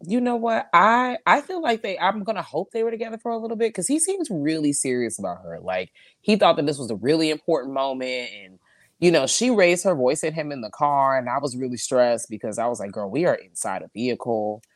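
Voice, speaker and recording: Woman, low voice, lively pitch, casual podcast chat. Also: dry recording, studio quality. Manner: animated, expressive, quick asides. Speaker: podcast co-host.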